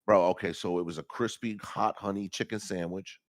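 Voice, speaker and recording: A young man talks on a morning show with loose, profane banter. His stories are animated, and his voice jumps up when he quotes himself. The recording is dry and close, with no room sound. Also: low voice, brisk, no echo. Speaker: co-host.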